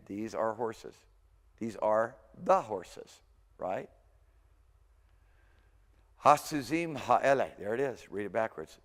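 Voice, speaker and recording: Guy teaching a language class, chatty, fixes himself a lot, room echoes long. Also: mid-range voice. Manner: informal, thinks aloud, corrects himself. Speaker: language lecturer. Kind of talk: recorded university lecture.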